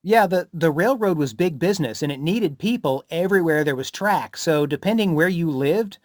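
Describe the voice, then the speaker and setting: A man's voice: fairly high pitch, animated, moderate pace, no echo. Informative man explaining with a dry sound. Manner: informative, explains history, introduces songs. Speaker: co-host. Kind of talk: casual chat.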